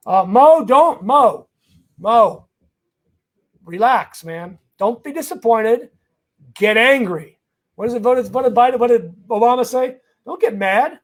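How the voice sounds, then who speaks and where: A man's voice: very high-pitched, expressive, moderate pace. A man working as an immigration lawyer, hosting a live Q&A stream. He greets viewers by name in a chatty way and speaks emphatically, rallying them on legal points.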